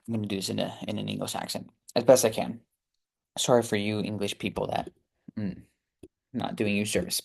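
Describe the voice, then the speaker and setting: A man's voice: fairly low pitch, level tone, brisk, creaky. A man hosting a casual book review video, reading reviews aloud and answering them with chatty, sarcastic commentary and frequent laughs.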